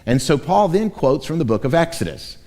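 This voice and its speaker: A man's voice: on the high side, big pitch swings, a little fast, dark tone. A man preaching a sermon as pastor, reading scripture and acting out the voices of imagined objectors. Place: church sanctuary. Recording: long church reverb.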